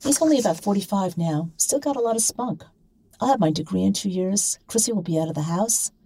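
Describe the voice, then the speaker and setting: A woman voicing an outspoken, chatty middle-aged woman activist, brisk and forthright. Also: mid-range voice, lively intonation, dark tone, husky, dry recording, voice pushed up.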